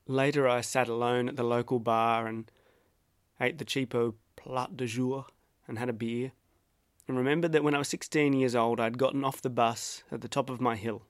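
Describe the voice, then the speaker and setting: A man with an Australian accent narrating a reflective personal essay in a measured, wry, self-deprecating way. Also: mid-range voice, fairly even intonation, no echo, studio quality.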